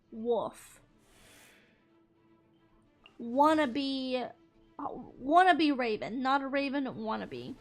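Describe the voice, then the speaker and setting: A woman's voice: sits high, fairly bright tone. A young woman streamer chatting casually over gameplay, bubbly and giggly, talking to her viewers. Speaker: gaming streamer.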